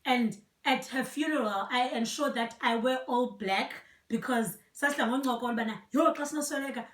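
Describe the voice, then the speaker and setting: A woman's voice: a little high, a little fast, fairly bright tone. A young South African woman with a Xhosa accent and Xhosa as her first language, earnestly and reflectively telling a personal story and switching between languages. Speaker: vlogger. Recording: echoey room, voice from a distance.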